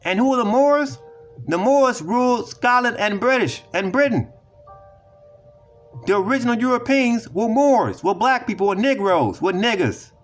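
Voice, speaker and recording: High-voiced ranting man. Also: lively intonation, moderate pace, soft background music. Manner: profane, repetitive, emphatic, lecturing. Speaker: online commentator. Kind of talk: ranting video commentary.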